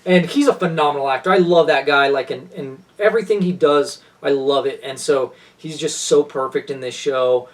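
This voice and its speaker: A man's voice: fairly high pitch, normal speed, hardly any pauses, recorded from a distance. A man co-hosting a casual podcast chat, gushing with enthusiasm and rambling through restarts. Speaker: podcast co-host.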